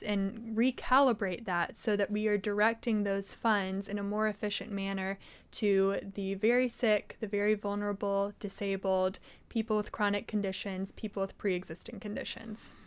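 A young adult woman talks through policy ideas as a guest in an interview. Her voice is smooth and clear, sitting at a middle pitch, and her delivery is measured and explanatory. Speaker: think tank vice president, guest.

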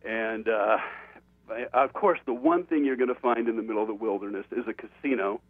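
A man, an author on an interview show, tells an animated story, laughing often and restarting his sentences. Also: on the low side, brisk, dry recording. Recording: tinny phone-line sound.

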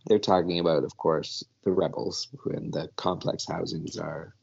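A man's voice: low voice, fairly even intonation, normal speed, creaky, darkish tone, husky, highs cut off. A man casually recapping a cartoon episode as a podcast co-host, retelling the story and acting out the dialogue.

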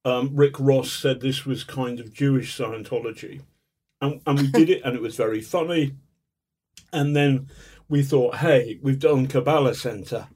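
Male interview guest, mid-pitched, storytelling, animated, chuckling. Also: measured pace, husky. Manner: animated raconteur, chuckles as he talks. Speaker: guest, journalist.

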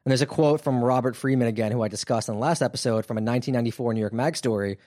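A man narrates a true-crime story as a podcast host, chatty and animated with plenty of fillers. His voice sits in a middle pitch. The recording is dry and close. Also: very fast, no room sound. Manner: animated, conversational with frequent fillers. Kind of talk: casual storytelling.

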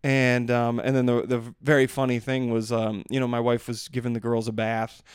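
A man's voice: medium pitch, monotone, normal speed, clear, resonant tone, no room sound, clean studio sound. A man in his thirties telling casual personal stories on a podcast, rambling with lots of fillers and restarting his sentences.

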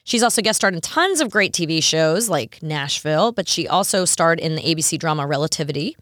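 A woman from New York with a New York accent, co-hosting a podcast in an animated, chatty way. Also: low-pitched, dry recording, studio quality. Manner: chatty, animated, quick to laugh. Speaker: podcast co-host. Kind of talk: casual chat.

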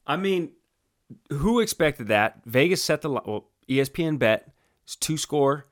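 A man's voice: fairly high pitch, expressive, measured pace. A man co-hosting a sports talk show, joking in laid-back banter. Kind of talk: casual sports chat.

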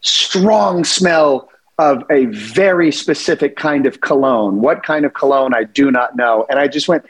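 A man's voice: medium pitch, measured pace, slightly rough. A man, an actor being interviewed, telling stories and acting out the lines he quotes. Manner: storytelling, acts out quoted lines. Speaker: actor guest. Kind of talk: interview anecdotes.

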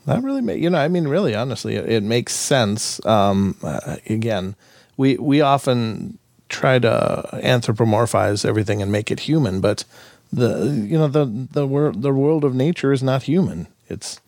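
A man's voice: mid-range voice, lively intonation, normal speed, creaky, darkish tone, no room sound, studio quality. A man hosting a podcast interview, agreeable and thinking aloud as he speaks. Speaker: podcast host. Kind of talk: interview conversation.

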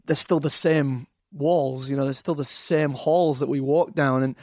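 A man's voice: mid-range voice, steady tone, a little slow, darkish tone, dry recording, studio quality. A man with an English accent, a guest talking casually on a podcast, hesitant with fillers and restarts. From England. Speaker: actor guest.

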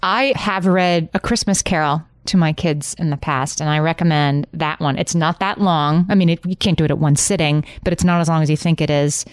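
Low-voiced woman co-host, dry sound. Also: brisk, hardly any pauses, clear, resonant tone, no room sound. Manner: warm laughing banter. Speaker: podcast co-host. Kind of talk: casual chat.

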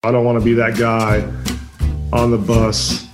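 A man's voice: mid-range voice, measured pace, echoey room, music in the background. A man from Minnesota, a former football player, talking casually and hesitantly as an interview guest. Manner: relaxed, hesitant with fillers.

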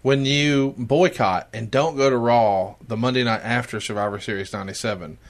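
A man's voice: mid-range voice, fairly even intonation, normal speed. A man hosting a podcast who reads a passage aloud and then reacts with big laughs and enthusiasm. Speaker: podcast host. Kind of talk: reading aloud and casual chat.

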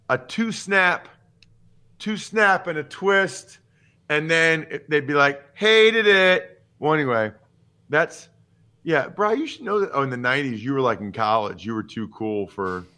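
Speaking at a measured pace and medium pitch, the forty-something host of a sports podcast, an ex-pro football player, chats casually. He is animated and full of firm opinions, skipping from one topic to another.

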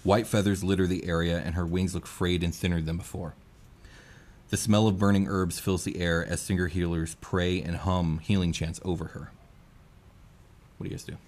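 A man's voice: low voice, steady tone, normal speed, a little mellow. A man narrating scenes as game master of a tabletop game, descriptive, with fillers.

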